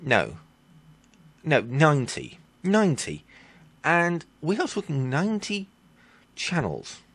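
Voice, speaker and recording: A man's voice: a little high, wildly swooping pitch, fairly bright tone, slightly rough, no echo. A man ranting in a tech vlog, blunt and exasperated, swearing casually and correcting himself as he goes. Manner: halting with fillers and self-corrections. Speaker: vlogger.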